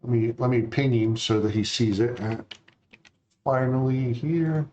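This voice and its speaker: A man's voice: medium pitch, unhurried, muffled recording. A man hosting a live stream, talking casually and rambling with plenty of fillers. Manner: relaxed, rambling, lots of fillers. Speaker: stream host.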